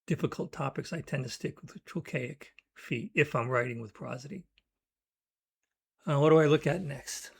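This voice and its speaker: A man's voice: mid-range voice, gravelly, husky. A man explaining how he writes poems in a thoughtful, teaching manner, reading out short word examples. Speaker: poetry teacher. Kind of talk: educational talk.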